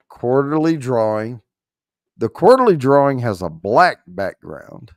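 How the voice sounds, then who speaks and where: A man's voice: medium pitch, big pitch swings, slow pace, no echo, clean studio sound. A man hosting a casual livestream and running a prize giveaway, joking loosely and swearing mildly while he works the screen.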